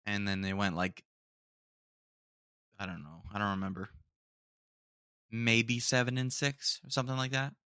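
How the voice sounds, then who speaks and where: A man's voice: on the low side, flat delivery, unhurried, pauses often, pushed and bright, smooth, no echo, clean studio sound. A young man hosting a podcast alone, rambling casually and saying "dude" a lot. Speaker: podcast host. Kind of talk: casual solo chat. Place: home room.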